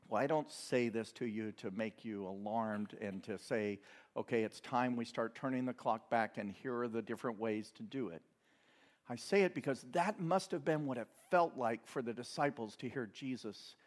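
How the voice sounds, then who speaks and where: A man of middling pitch preaches a sermon. He keeps it conversational, dropping in asides and the odd chuckle as he talks to his congregation. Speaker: pastor.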